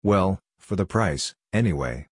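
A man reading the part of a chatty young woman who gets upset easily, in a soft, slowed delivery. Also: low-pitched, animated, husky, dry recording, clean studio sound, heavily acted.

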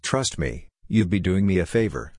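A man reading the part of a wry, grumpy man with a dry, deadpan delivery. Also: low voice, normal speed, dry recording. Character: wry, grumpy man who jokes dryly.

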